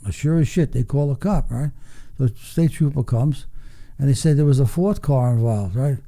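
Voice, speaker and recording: A man's voice: medium pitch, normal speed, mellow. An older man, telling salty, profane stories with a chuckle as a guest. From Long Island, New York. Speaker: guest, racing veteran. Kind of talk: casual storytelling.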